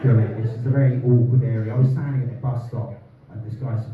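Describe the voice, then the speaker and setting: A man's voice: mid-range voice, steady tone, rapid-fire. Rambling English man doing stand-up, echoey. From England. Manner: rambling, profane, self-interrupting with frequent laughs. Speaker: stand-up comedian. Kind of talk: stand-up comedy set. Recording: distant phone-like recording in a very echoey room.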